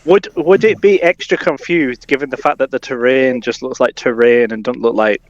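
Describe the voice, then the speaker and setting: A player at a tabletop game talking in an excitable, animated way. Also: mid-range voice, normal speed, no room sound, dull audio. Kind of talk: tabletop role-play chat.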